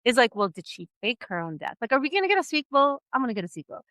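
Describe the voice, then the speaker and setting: A woman co-hosting a casual book-discussion podcast, animated, reading passages aloud and explaining terms for listeners. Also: on the high side, racing, no echo. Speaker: podcast co-host.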